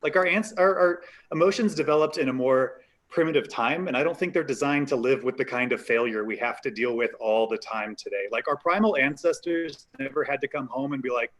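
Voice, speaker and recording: A man's voice: medium pitch, fairly quick, hardly any pauses, fairly bright tone. A man doing a stand-up comedy set over a video call, rambling and self-deprecating, with a lot of "like" fillers. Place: home set-up on a live stream.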